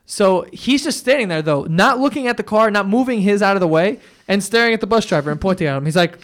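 A young man hosting a podcast, telling profane, animated stories in casual chat. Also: high-pitched, fast talker. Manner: loose storytelling, profane, animated retellings. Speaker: podcast host.

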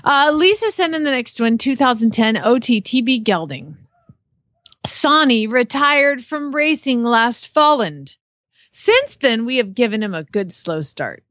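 A woman's voice: fairly high pitch, a little slow, dry recording. A woman co-hosting a podcast, reading horse-for-sale ads aloud in casual chat and joking with a giggly manner. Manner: joking, giggly, lively delivery. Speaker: podcast co-host.

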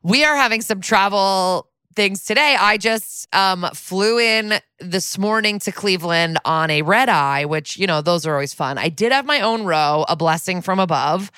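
A middle-aged woman co-hosting a podcast, telling an animated story in casual chat and acting out the quotes. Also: mid-range voice, moderate pace, few pauses, clean tone, dry recording, studio quality. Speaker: podcast co-host.

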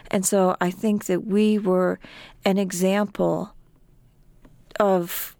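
A woman's voice: medium pitch, vocal fry, darkish tone, dry recording. A middle-aged woman, a farmer and author, speaking emphatically as a guest in a radio interview. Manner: emphatic, intense, pauses and restarts when emotional.

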